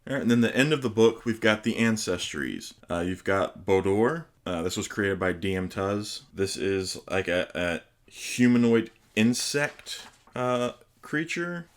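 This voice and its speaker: Host with a very low voice doing a casual unboxing review, chatty and enthusiastic. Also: male voice, expressive, unhurried, few pauses. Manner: enthusiastic, chatty, with hesitant pronunciations. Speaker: host reviewing tabletop game books.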